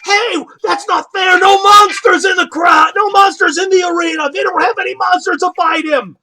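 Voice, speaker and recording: A man voicing a loud, bloodthirsty male spectator yelling from the arena stands. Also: normal speed, exaggerated voice. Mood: indignant. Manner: yelling, high and excited.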